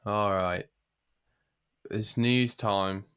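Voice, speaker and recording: A man's voice: fairly low pitch, fairly even intonation, very slow, a bit bright, smooth. A man hosting a gaming podcast in casual, jokey chat. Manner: chatty, jokey, drops into silly accents. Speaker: podcast host.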